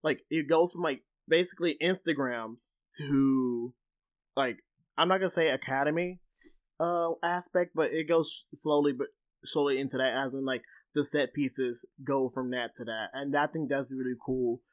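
A man co-hosting a casual film discussion, animated and full of "like" fillers. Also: mid-range voice, normal speed. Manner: animated, filler-heavy, lots of "like". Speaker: podcast co-host.

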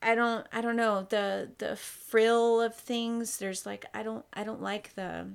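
A woman's voice: on the high side, steady tone, measured pace, vocal fry, clean tone. A woman speaking on a casual podcast, blunt and candid, with a loose-mouthed way of talking. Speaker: podcast guest.

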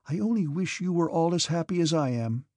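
A man voicing a gentle, devout, timid young princess in an audiobook, earnest and pleading. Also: fairly high pitch, animated, fairly quick, no echo, clean studio sound, voice pushed up. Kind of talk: audiobook character reading.

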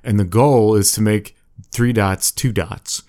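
A man's voice: on the low side, steady tone, a little slow, a little mellow, no room sound, studio quality. A man in a casual chat, laid-back and swearing casually as he explains with examples.

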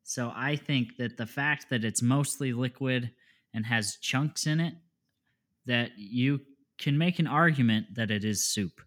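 A young man co-hosting a podcast at an unhurried pace. He jokes around in relaxed, casual chat and breaks into laughter often. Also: mid-range voice. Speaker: podcast co-host.

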